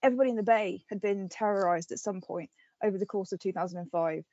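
A woman podcast host in casual chat, retelling a story with animated energy and plenty of fillers. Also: mid-range voice, fast, no room sound, highs cut off.

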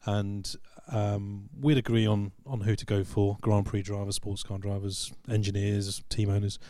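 A man, a magazine editor, speaking in a measured, reflective way with frequent pauses in casual podcast talk. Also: on the low side, little pitch movement, mellow.

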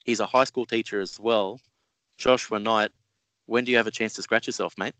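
A male podcast host with a lowish voice leads the interview, ribbing his guest in a friendly way. The sound is dry and close. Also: fairly even intonation, fairly quick, a bit bright, dry recording, low-quality recording. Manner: friendly, teasing, calls guest mate.

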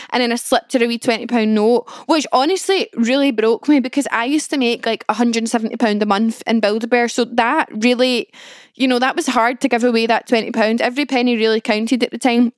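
A young woman hosts her own podcast, talking through a story in an easy, rambling way, full of "like". Her voice sits a little high, and the sound is dry with no room around it. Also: dry recording. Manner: chatty, peppered with "like", self-mocking. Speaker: podcast host. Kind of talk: casual storytelling monologue.

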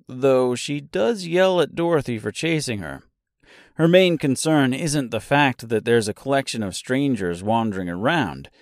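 A man's voice: mid-range voice, no room sound, clean studio sound. A man hosting a solo book discussion podcast, chatty and playful, fond of puns and dad jokes, talking straight to his listeners. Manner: chatty, addresses listeners directly. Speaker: podcast host and author.

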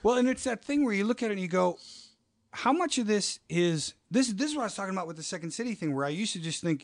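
A man telling show-business stories in a casual chat, animated, acting out quoted voices and swearing freely. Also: sits high, quick pace, no echo.

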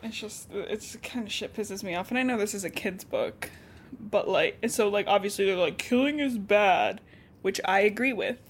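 A woman's voice: mid-range voice, moderate pace, a little hiss or hum. A young woman co-hosting a podcast, chatting casually and bluntly about a book, swearing and laughing often. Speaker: podcast co-host. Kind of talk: casual book discussion chat.

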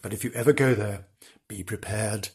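A man hosting a comedy podcast, telling a mock-spooky tale in a drawn-out, theatrical way with laughing asides. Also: lowish voice, slightly rough. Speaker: podcast host. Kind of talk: mock-spooky comic storytelling.

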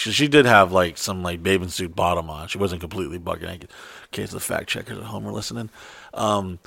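Profane, animated storytelling man. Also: a little fast, gravelly, husky, no room sound. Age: adult. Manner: profane, animated, acts out quotes in high voices. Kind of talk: casual storytelling chat.

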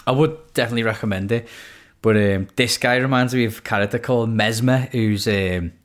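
A man's voice: mid-range voice, brisk. A man chatting casually as a podcast co-host, rambling with many hesitations. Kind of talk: casual chat.

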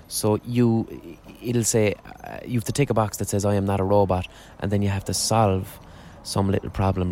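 A man's voice: fairly low pitch, darkish tone. A man hosting a podcast outdoors on a street corner, talking in a rambling, sweary monologue with frequent restarts. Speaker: podcast host. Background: faint street ambience.

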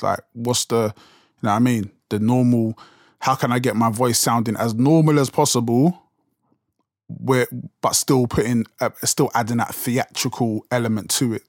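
A man's voice: medium pitch, no echo, studio quality. A young man with a London accent, talking casually as a podcast host, rambling with restarts and fillers. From England. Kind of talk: casual solo talk.

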